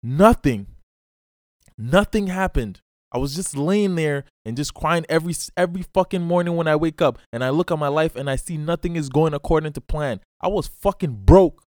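A fairly high-voiced man talks straight at his listeners in a solo podcast, bluntly and profanely urging them to get up and act. The sound is dry and close, with no room around it. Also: moderate pace, darkish tone, no echo. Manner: blunt, profane, preachy, calls listener bro. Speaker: podcast host. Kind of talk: solo motivational podcast monologue.

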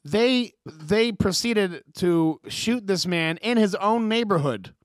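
Brief: a comedian doing a tough rapper turned stiff and formal, slow and exaggerated, fairly high voice, dry sound. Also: male voice, animated, no room sound. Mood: mock-formal. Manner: stiff, over-formal, mocking. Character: tough adult male rapper made prim and proper.

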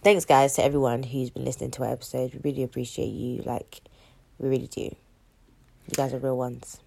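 Low-voiced nasal woman with a cold. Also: brisk, creaky. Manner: chatty, animated, trailing fillers. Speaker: podcast co-host. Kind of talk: casual chat.

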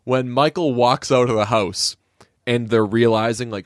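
A man's voice: mid-range voice, normal speed, no echo, studio quality. Sarcastic man riffing on movies. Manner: sarcastic, animated storyteller with shouted quoted voices. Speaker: podcast co-host. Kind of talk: casual movie-review chat.

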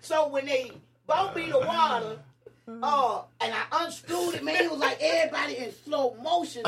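A woman from Tennessee, a guest activist telling animated stories in casual chat, emphatic and laughing often. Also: sits high, moderate pace, far from the mic, crowd noise. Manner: lively, emphatic, frequent laughter and rising exclamations.

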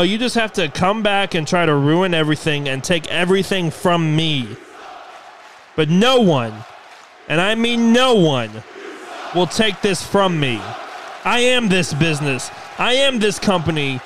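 A man voicing an arrogant, furious male wrestling champion who speaks in proud, slow declarations. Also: a little high, a bit bright, a little hiss or hum.

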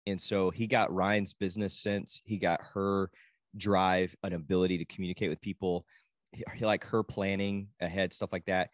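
A man's voice: low voice, normal speed, no room sound, clean studio sound. A man in casual conversation, animatedly telling stories about his kids and acting out what people said. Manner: animated storyteller, acts out quotes. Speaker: podcast guest, father. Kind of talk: casual storytelling chat.

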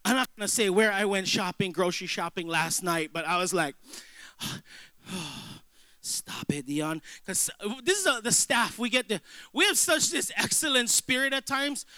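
A man preaching a sermon as a pastor, telling lively stories with humor and acted-out dialogue. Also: high-pitched, a little fast, no room sound. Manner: animated storytelling preacher, jokes and acted-out dialogue.

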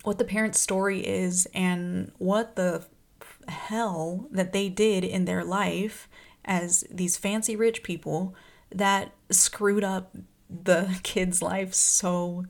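A woman's voice: fairly low pitch, vocal fry. A young adult woman talking casually about a book series, rambling and heated, full of filler words. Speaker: book vlogger.

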